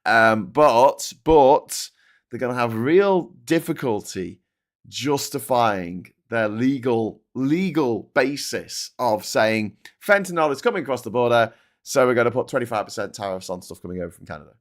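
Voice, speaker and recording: A man's voice: lively intonation, normal speed. Sweary sarcastic British man ranting. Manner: sweary, sarcastic, stumbles and repeats words, pitch jumps when worked up. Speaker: host of a political commentary show. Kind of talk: casual ranting commentary.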